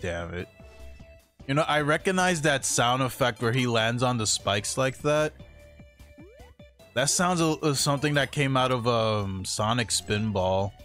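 A young man casually commentating a platform game on a livestream, slangy and profane, laughing often and yelling when he dies in the game. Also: mid-range voice, lively intonation, measured pace, soft background music. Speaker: streamer.

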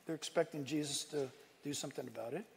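A man preaching in a big church auditorium with a high, gravelly voice. He is animated, breaking into laughter and dropping to hushed asides between loud exclamations. His voice carries a long reverb through the hall. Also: fast, slight background noise. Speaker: pastor. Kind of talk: sermon.

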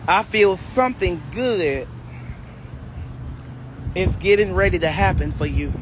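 A woman preacher on a live stream, praying in a slow chant and breaking into speaking in tongues. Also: on the low side, lively intonation, noisy background. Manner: slow, chanting, repetitive prayer with bursts of tongues. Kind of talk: livestream prayer and speaking in tongues.

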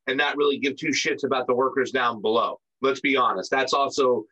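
A man's voice: mid-range voice, steady tone, fairly quick, pushed and bright. A man hosting an interview, blunt and casual with some mild swearing. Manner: blunt, casual, mildly profane. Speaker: host. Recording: slightly dull audio.

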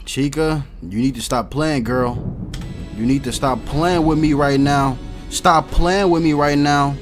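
A young man doing loud, slangy, excitable let's-play commentary, swearing and shouting at game characters. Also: a little high, measured pace, soft background music. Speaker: gaming YouTuber.

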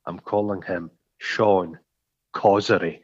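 A man's voice: low voice, fairly even intonation, slow, slightly rough. A man co-hosting a podcast, chatting casually about a film, swearing freely and acting out quoted lines. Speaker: podcast co-host. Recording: dull lo-fi sound.

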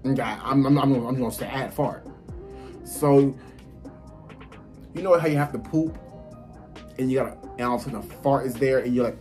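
A man telling a casual story to his viewers, animated and blunt, swearing freely and talking straight to them. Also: medium pitch, a little fast, long pauses, faint music behind. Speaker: vlogger. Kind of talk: casual story time while eating.

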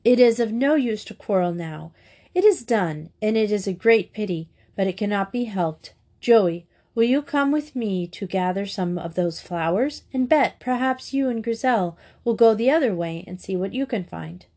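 A woman voicing a calm, tactful head girl who speaks in a soothing, formal way. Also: mid-range voice, normal speed. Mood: peacemaking.

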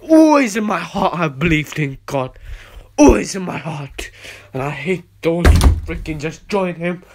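A man delivering a ranting monologue to camera, emphatic and repetitive, swinging between quiet and loud. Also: fairly high pitch, expressive, measured pace, a little hiss or hum. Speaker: video blogger.

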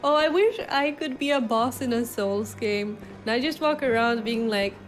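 Game music plays under this woman's slightly high voice as she streams at a moderate pace. Giggling and chatting casually, she comments on the gameplay and reacts out loud to what appears on screen.

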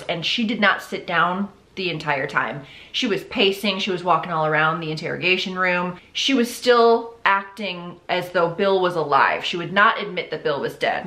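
Brief: low-voiced woman hosting a true crime chat at home, blunt, swears a lot, whispers her asides, roomy echo. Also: pushed and bright. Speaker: host. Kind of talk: casual true crime storytelling. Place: home, indoors.

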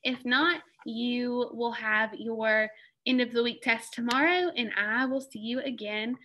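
A young woman teaching a recorded phonics lesson to children, encouraging and pronouncing words slowly and carefully. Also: fairly high pitch, bright, forceful tone, a little hiss or hum.

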